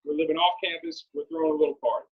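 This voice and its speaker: A man in his thirties telling a story on a casual podcast, animated and laughing often. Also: on the high side, rapid-fire, breathy edge. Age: 30s. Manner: animated, laughs often, acts out quoted lines. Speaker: podcast co-host. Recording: dull lo-fi podcast audio.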